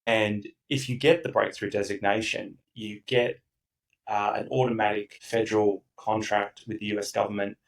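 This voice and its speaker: A man's voice: fairly low pitch, creaky, far from the mic, rough recording. A man speaking as a company founder guest in a casual podcast interview, emphatic and enthusiastic, acting out the voices of the people he quotes.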